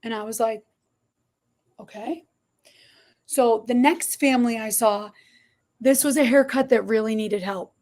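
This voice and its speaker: Woman, high voice, middle-aged, animated storyteller, podcast guest. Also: measured pace, long pauses. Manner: animated, expressive storytelling with quoted dialogue. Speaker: podcast guest, barber shop owner. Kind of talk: storytelling interview.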